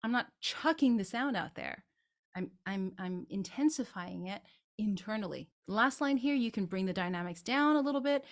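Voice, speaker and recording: A woman's voice: mid-range voice, lively intonation, moderate pace. A woman vocal coach explaining singing technique and breaking into short sung demonstrations of phrases.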